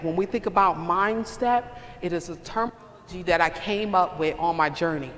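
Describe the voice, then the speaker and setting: Woman conference speaker: punchy, repetitive preacher-style delivery with a bright, forceful tone, heard in a reverberant hall. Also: mid-range voice. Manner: emphatic, repetitive preacher-like cadence; calls out to the audience. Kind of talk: motivational speech.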